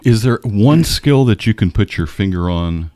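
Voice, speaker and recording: A man's voice: fairly low pitch, lively intonation, moderate pace, darkish tone, dry recording, clean studio sound. A man interviewing a guest, asking friendly, encouraging questions.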